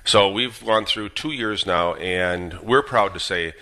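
A man in his fifties from Minnesota, a father telling his story as a guest on a radio show, earnest and steady with some fillers. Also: sits low, takes it slowly. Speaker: guest, Gold Star father. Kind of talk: radio interview, personal story.

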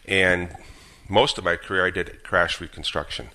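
Low-voiced earnest man, radio guest. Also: moderate pace. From Minnesota. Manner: earnest, steady, with fillers. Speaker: guest, Gold Star father. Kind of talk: radio interview, personal story.

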